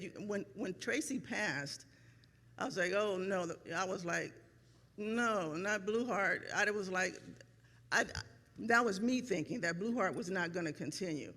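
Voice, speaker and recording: A middle-aged woman giving an emotional, grateful speech as a parent at a ceremony, with many pauses and ums. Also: medium pitch, creaky, a bit bright, long reverb tail. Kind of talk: heartfelt speech. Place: event hall.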